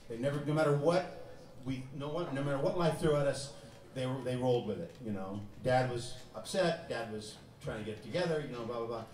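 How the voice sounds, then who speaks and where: A man's voice: mid-range voice, fairly quick, a little mellow. Man telling a story, heard from across a room. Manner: casual, profane, laughing as he tells it. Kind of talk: personal storytelling. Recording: roomy sound from a distant mic.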